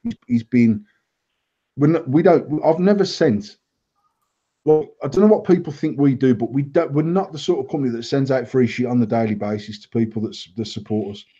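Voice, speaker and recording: A man with a mid-range, slightly breathy voice talks a little fast, telling blunt, sweary stories with lively energy. He hosts a casual banter show and owns a vape company. The live stream audio is dull and lo-fi.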